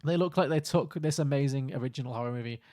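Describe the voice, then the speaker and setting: A man's voice: mid-range voice, fast, darkish tone. A man co-hosting a film podcast, joking and rambling in casual chat with lots of fillers. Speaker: podcast co-host.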